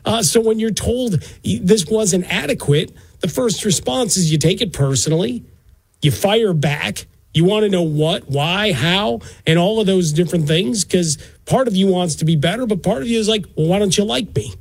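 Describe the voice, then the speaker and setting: Male radio co-host, wry and musing, high-pitched, dry close mic. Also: moderate pace, slightly rough, no echo, rough recording. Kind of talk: sports talk discussion.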